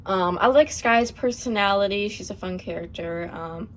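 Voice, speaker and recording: A woman's voice: mid-range voice, moderate pace. Chatty young woman answering viewer questions. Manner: chatty, hesitant, laughs often. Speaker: channel host. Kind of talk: casual Q&A vlog.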